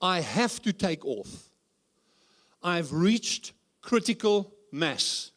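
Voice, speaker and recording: A man's voice: high voice, sing-song, extremely slow, a bit bright. A man preaching as a guest speaker at a church conference, humorous and full of rhetorical questions. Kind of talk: conference sermon.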